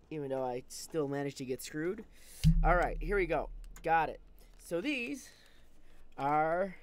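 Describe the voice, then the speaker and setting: A live streamer in a casual, agitated rant, upset and restarting often, talking through wired earbuds. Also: mid-range voice. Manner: agitated, ranting, with many restarts. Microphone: wired earbuds with mic.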